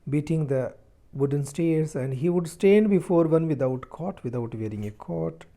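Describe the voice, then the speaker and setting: A male teacher reads a story aloud and explains it line by line, restating each sentence in simpler words with halting restarts. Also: on the high side, expressive, warm tone.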